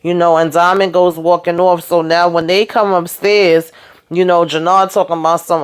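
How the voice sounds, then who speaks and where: A woman's voice: fairly low pitch, little pitch movement, normal speed, clear, resonant tone. A woman hosting her own channel, giving a blunt, casual recap of a TV episode and talking straight to her viewers. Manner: blunt and outspoken, profane, talks straight to viewers. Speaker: TV review host.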